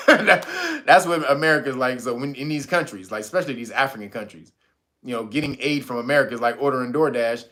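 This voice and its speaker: A man's voice: mid-range voice, fast talker, bright, forceful tone. A man ranting in casual slangy commentary, swearing freely and breaking into laughs. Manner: profane, laughs often, slangy. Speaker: commentary vlogger.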